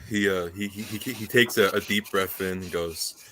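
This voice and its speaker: Male player, stumbling delivery, low and bright. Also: fairly even intonation, slight background noise. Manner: halting, full of uh and restarts. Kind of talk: tabletop role-play.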